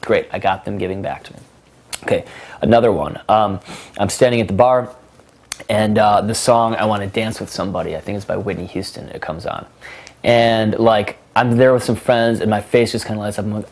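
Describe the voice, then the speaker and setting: A man's voice: lowish voice, fairly quick, darkish tone. A young adult man coaching in a conversational, emphatic way, with frequent casual fillers. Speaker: dating coach. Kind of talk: instructional talk.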